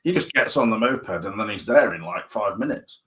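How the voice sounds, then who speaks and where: Male co-host, lowish pitch, bright tone, blunt and dismissive, drawn-out delivery. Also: lively intonation, rough recording. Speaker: podcast co-host. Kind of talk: casual chat.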